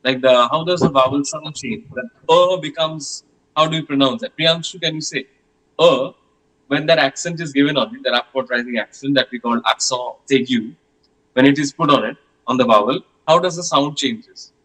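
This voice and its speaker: A man's voice: medium pitch, moderate pace, a bit bright, low-quality recording. A man teaching a French class, patiently repeating questions and sounds with many hesitations.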